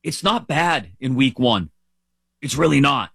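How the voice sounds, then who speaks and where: A man's voice: mid-range voice, lively intonation, a little slow, creaky, fairly bright tone, breathy edge, no echo. A middle-aged man hosting a sports show, giving casual, playful, opinionated commentary with a lot of emphasis. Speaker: sports podcast host.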